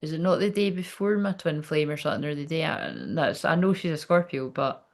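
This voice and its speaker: A chatty woman with a gravelly, creaky edge to her voice, talking in a loose, rambling way. She works as a medium giving a live reading, laughs easily and swears without a second thought. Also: low-pitched, big pitch swings, a little fast. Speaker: psychic medium. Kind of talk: casual live reading chat.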